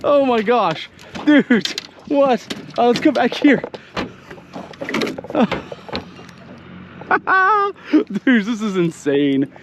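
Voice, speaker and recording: A high-voiced man with a drawl narrates his fishing trip from a boat on a lake, laughing and exclaiming to his viewers. His pitch leaps around with excitement while he takes his time between words. Wind and boat noise sit clearly under the voice. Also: extremely slow, long pauses, lo-fi sound. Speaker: fishing vlogger. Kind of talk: excited fishing vlog commentary. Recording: noisy outdoor boat recording.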